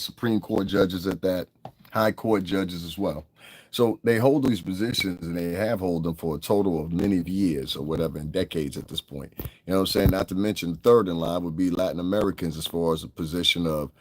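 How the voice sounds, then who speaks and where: A man hosts a casual livestream and speaks bluntly, with constant swearing and frequent laughter. His voice sits very low. The sound is dry and close, with no room echo. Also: darkish tone. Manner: blunt, profane, laughs often, answers chat. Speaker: livestream host.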